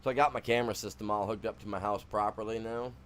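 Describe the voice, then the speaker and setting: A man's voice: lowish voice, fairly even intonation, fast, slight background noise. A man from Michigan with a Michigan accent, chatting casually while streaming a game, rambling and slangy. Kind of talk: casual gameplay chat.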